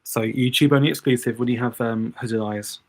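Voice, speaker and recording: A man's voice: mid-range voice, fairly even intonation, brisk. A young man doing drag makeup on a livestream, chatting casually and thinking aloud to his viewers.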